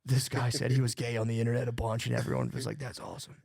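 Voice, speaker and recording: Gravelly rambling man on a podcast. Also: mid-range voice, level tone, rapid-fire, darkish tone, dry recording, clean studio sound. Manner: rambling, profane, restarts often. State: jittery from too much coffee. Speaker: podcast co-host. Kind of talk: casual podcast chat.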